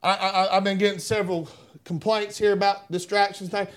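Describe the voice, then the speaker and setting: A man preaches to his church congregation. His voice sits high, and he grows fervent and loud, stammering through repeated words as he presses each point. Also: little pitch movement, brisk. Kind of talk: sermon. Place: church sanctuary.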